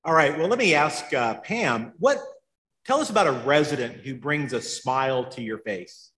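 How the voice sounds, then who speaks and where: A man's voice: mid-range voice, lively intonation, normal speed, fairly bright tone. A man moderates a panel and asks polite, brief questions. His voice rings out in an echoey hall with a long reverb tail.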